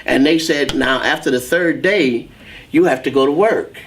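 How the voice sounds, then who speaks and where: A man's voice: medium pitch, normal speed, a little hiss or hum. A man telling his life story as an interview guest, acting out the voices of the people in it. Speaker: guest, saxophonist.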